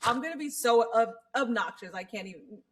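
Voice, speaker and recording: A woman co-hosting a podcast in casual chat, animated, swearing freely and laughing often. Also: on the high side, brisk, a little hiss or hum. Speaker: podcast co-host.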